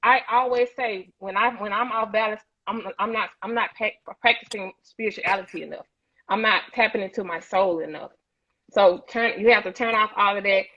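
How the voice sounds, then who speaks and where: A woman speaks in a bright, forceful voice, driving her points home with preachy emphasis and restarting phrases as she builds. The sound is dull and lo-fi, like an online stream. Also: medium pitch, normal speed. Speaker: panelist on a women's talk show. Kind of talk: impassioned discussion.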